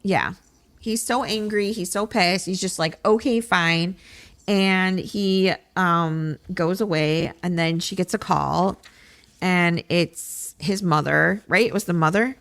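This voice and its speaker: A woman's voice: fairly low pitch, takes it slowly, creaky. A woman co-hosting a podcast, casually recapping a film in a chatty, filler-heavy way and acting out what the characters say. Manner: chatty, filler-heavy retelling with acted-out quotes. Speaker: podcast co-host.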